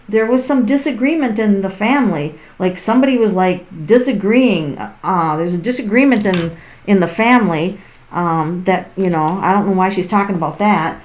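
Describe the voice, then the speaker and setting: A woman's voice: mid-range voice, a little mellow. A middle-aged woman giving tarot readings on a home livestream, chatty and rambling and often laughing, speaking into a laptop mic. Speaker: tarot reader hosting a live stream. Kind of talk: casual livestream chat while giving readings. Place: at home on a farm. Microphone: laptop built-in mic.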